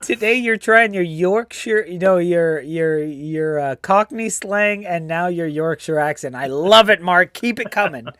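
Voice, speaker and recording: Loud, teasing American male show host. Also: high-pitched, measured pace, few pauses, smooth, no room sound, clean studio sound. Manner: loud, swearing, teasing, greets viewers by name. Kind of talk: casual fan show chat.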